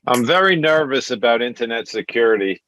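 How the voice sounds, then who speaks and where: A man's voice: mid-range voice, expressive, fairly quick, a bit bright, dry recording, highs cut off. A man in his sixties with a thick Brooklyn accent, telling stand-up one-liners over a video call and chuckling at his own jokes. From New York. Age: 60s. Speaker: stand-up comic. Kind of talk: stand-up set. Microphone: computer mic on video call.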